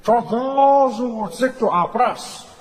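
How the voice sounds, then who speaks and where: A man doing an impression of a grand elderly male statesman, speaking in slow, solemn, drawn-out oratory. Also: very high-pitched, long reverb tail, voice pushed up, low-quality recording.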